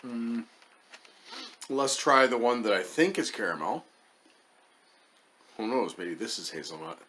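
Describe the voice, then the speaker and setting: A man's voice: medium pitch, measured pace, bright, forceful tone, a little hiss or hum. A man casually reviewing chocolates as the host of his own channel, wry and hesitant, muttering as he tastes. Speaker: food reviewer.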